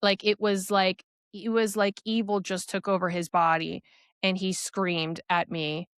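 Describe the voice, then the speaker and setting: A young woman recounting a personal story as a podcast guest, earnest and quick, with many fillers. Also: medium pitch, level tone, smooth, no room sound, clean studio sound.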